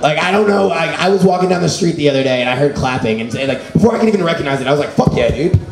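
Rambling comic with a high-ish voice. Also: male voice, lively intonation, rapid-fire, vocal fry. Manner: rambling, filler-heavy delivery. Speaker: stand-up comic. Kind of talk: stand-up comedy set. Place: small comedy venue with an audience. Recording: echoey room with audience noise.

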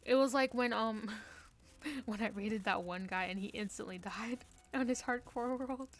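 A woman's voice: on the high side, a little slow. A young woman streaming a game from her room, chatting casually with playful, self-mocking trash talk. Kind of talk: casual live-stream chat while gaming.

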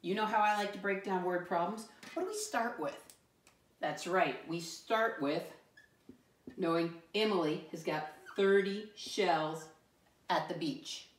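A woman teaching a first grade lesson to young children, encouraging and upbeat, spelling words out slowly. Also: lowish voice, distant mic. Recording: echoey room, voice from off mic.

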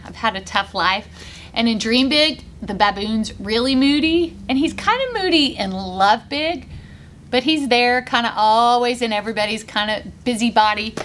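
A woman's voice: fairly high pitch, slight background noise. A woman author reading her picture book aloud to children, coaxing them to join in with sounds and actions. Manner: animated, coaxing kids to join in.

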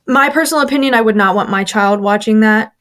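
A woman with a fairly high, slightly bright voice speaks quickly as an interview guest, a former church member telling a personal story candidly. She uses lots of fillers and acts out the voices of the people she quotes.

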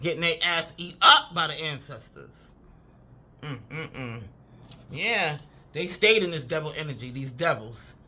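A woman in a loose, profane spiritual reading with a bright, forceful edge to her voice. She hammers her points with repeated phrases and breaks into chuckles as she goes. Her delivery is emphatic and casual rather than polished. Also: sits low, expressive, unhurried. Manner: profane, emphatic, repeats "I'm telling you"; chuckles often while talking. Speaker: intuitive reader.

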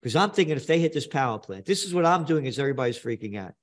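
Racing through his words, an older man from New York speaks in an animated, mid-range voice. He's a blunt, emphatic interview guest who tells stories and repeats phrases for effect.

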